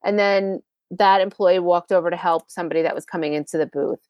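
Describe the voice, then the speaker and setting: A woman's voice: lowish voice, fairly even intonation, a little fast, dry recording, muffled recording. Chatty woman podcast host, dry sound. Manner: chatty, conversational, asides to the listener. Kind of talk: storytelling podcast monologue.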